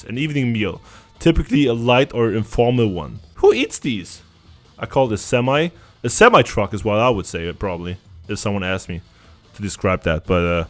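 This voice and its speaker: Lively sarcastic German-accented man. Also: medium pitch. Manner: sarcastic, profane, ranting banter. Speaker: streamer. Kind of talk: casual reaction to an online quiz.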